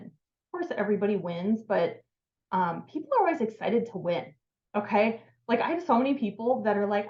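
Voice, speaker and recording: A woman's voice: a little high, lively intonation, fast talker, a little mellow, reverberant, dull audio. A woman giving a casual, upbeat how-to talk on sales and networking, full of filler words. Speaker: sales trainer.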